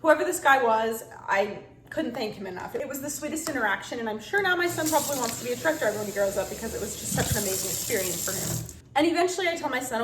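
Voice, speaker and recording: Young mother, animated storytime vlogger, faint hum in the background. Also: fairly high pitch, roomy sound. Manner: chatty and animated, quick bursts. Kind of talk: casual storytime vlog.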